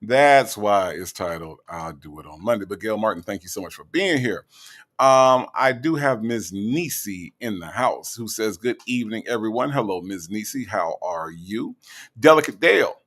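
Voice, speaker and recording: A man's voice: lowish voice, expressive, moderate pace, fairly bright tone. A man hosting a casual livestream, greeting viewers from the chat in a playful, teasing way. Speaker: livestream host.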